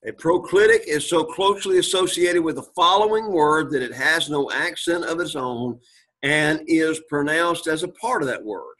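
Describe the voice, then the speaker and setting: A man with a slightly husky, somewhat high voice teaches a Greek grammar class. He reads Greek words aloud, translates them, and keeps asking his students questions, clearing his throat now and then. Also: moderate pace, fairly bright tone. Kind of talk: classroom lecture.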